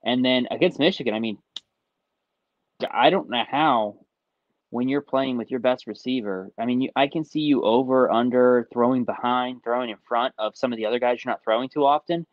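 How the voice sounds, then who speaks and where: A man's voice: medium pitch, moderate pace, no room sound, lo-fi sound. A man co-hosting a sports podcast, giving casual analysis in a hesitant way, leaning on "I mean" and "I think". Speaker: podcast co-host.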